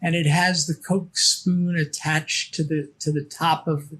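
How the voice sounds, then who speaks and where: A man's voice: fairly high pitch, flat delivery, a little slow, a bit bright. An older man telling a rambling anecdote on a podcast, full of false starts. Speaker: podcast guest. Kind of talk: casual anecdote.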